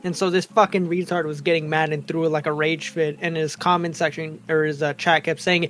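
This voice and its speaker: A man's voice: a little high, level tone, fairly quick, few pauses, fairly bright tone, soft background music. A man co-hosting a podcast, bluntly retelling online drama with plenty of swearing. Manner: crude, profane retelling of drama. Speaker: podcast co-host. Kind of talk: casual chat.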